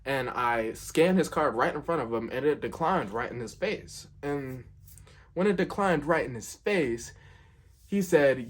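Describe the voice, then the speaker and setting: A man's voice: medium pitch, expressive, a little slow. A young man telling a work story in a casual storytime, rambling and filling gaps with "like" and "um". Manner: rambling, filler-heavy, keeps saying "like".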